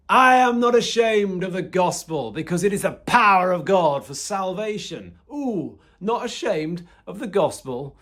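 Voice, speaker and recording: Candid man giving a devotional talk. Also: mid-range voice. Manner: candid, reflective storytelling with sudden emphatic rises. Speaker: Christian teacher.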